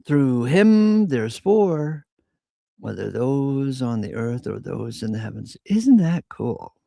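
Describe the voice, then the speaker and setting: A man leads an informal Bible study, reading scripture slowly and breaking off into casual asides. His voice is low-toned, mellow and gravelly, and he speaks at an unhurried pace. The sound is dry and close, with no room echo. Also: sing-song. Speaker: Bible teacher.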